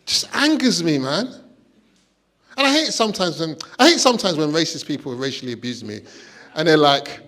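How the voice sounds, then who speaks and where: A man doing a stand-up comedy set, deadpan setups with loud high punchlines. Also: brisk. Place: stage before a live audience.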